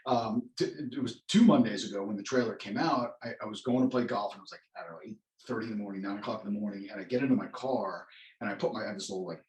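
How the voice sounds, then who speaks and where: Recorded with roomy echo, a man guesting as an actor in an interview talks fast in a fairly low, slightly mellow voice. He rambles casually, restarting and correcting himself often.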